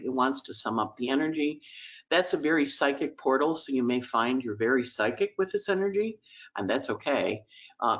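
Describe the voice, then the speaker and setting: A woman's voice: very deep voice, highs cut off. A woman host giving a chatty weekly astrology forecast, emotional and teary at times, acting out little voices in quotes.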